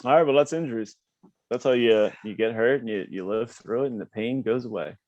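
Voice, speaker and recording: A man's voice: medium pitch, brisk, darkish tone, dry recording, lo-fi sound. Laid-back man with a dry voice. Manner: laid-back, laughs along, teases. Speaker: podcast co-host. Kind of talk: casual chat.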